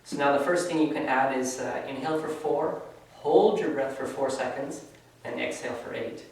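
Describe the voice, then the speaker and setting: A man's voice: medium pitch, moderate pace, a little mellow. Guy teaching a class, super casual, keeps saying right?, sounds far from the mic in a really echoey room. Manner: loose and conversational, often ends phrases with "right?". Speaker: yoga teacher. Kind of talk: casual spoken class instruction.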